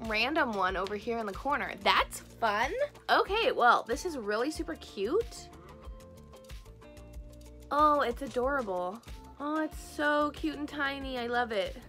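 A young woman hosting a casual unboxing vlog, gushing and excitable, gasping over each cute item. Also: fairly high pitch. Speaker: craft and squishy channel host.

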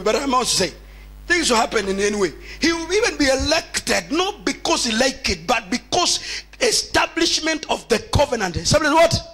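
A bishop with a Kenyan accent and a very high voice preaches a sermon in church, using call-and-response and repeating lines back to the congregation. He moves between shouted, sing-song declarations and quieter asides, in a low-quality recording.

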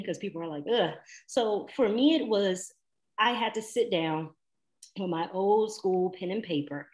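A woman on a career panel, speaking candidly about her own self-doubt. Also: on the low side. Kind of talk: reflective panel talk.

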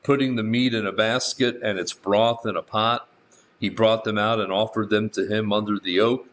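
A man's voice: lowish voice, fairly even intonation, moderate pace, a bit bright, dull audio. A male pastor reading scripture verse by verse and adding his own remarks, with dry asides in between. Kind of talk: verse-by-verse Bible teaching.

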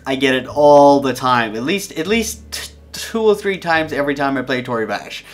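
A young gaming channel host chats playfully over his gameplay, rambling, often restarting and repeating words. His medium-pitched voice is animated and moves at a normal speed.

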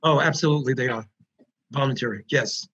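A man's voice: medium pitch, fairly quick, fairly bright tone, husky, dull audio. A man who founded a prisoner reentry program, telling stories earnestly and repeating words for emphasis on a video call. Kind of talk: storytelling in an online panel interview.

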